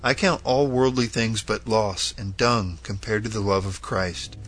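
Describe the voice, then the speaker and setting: Male narrator doing a defiant nineteen-year-old martyr, fervent, pressing and low. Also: fairly even intonation, a little slow, fairly bright tone. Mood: earnest. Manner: steadfast, fervent. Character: young man, nineteen, firm defiant believer.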